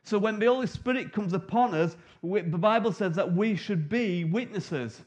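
Middle-aged guy preaching, fairly high voice, acts out bits of the story. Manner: storytelling, acts out the disciples in quick asides. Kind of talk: sermon.

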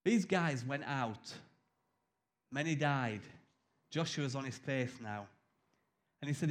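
A man's voice: medium pitch, animated, slow pace, pauses often. A man preaching a sermon in a conversational, emphatic way, acting out quoted voices.

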